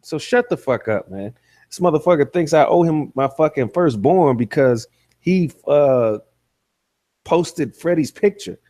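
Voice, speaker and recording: A man's voice: on the high side, lively intonation, measured pace, warm tone, no room sound, clean studio sound. A man hosting an online talk show, ranting with aggressive, profane trash talk. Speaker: host.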